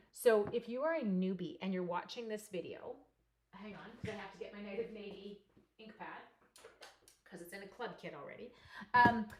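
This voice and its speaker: A woman's voice: mid-range voice, slight background noise. Chatty woman demonstrating a craft live. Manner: chatty, greets live viewers by name; drops to soft murmurs while working. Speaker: card-making demonstrator.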